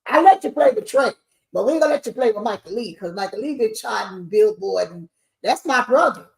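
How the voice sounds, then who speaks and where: A woman, an award show CEO talking shop in a lively, preachy way. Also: on the high side, a little fast, gravelly. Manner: animated, preachy, sings snippets. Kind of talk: casual panel chat. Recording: echoey room.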